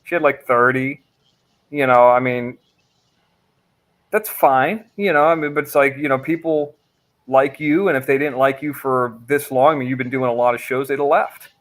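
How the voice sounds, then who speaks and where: A man's voice: medium pitch, fairly even intonation, normal speed, fairly bright tone. A man co-hosting a casual livestream chat, opinionated and rambling, full of "you know" and "I mean.". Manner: rambling, opinionated, with many fillers. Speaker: livestream co-host.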